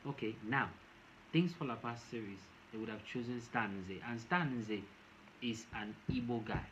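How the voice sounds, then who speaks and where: A man's voice: mid-range voice, normal speed, fairly bright tone. A Nigerian man giving casual commentary to camera, rambling and often repeating and restarting his phrases. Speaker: vlogger. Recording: dull lo-fi with faint noise.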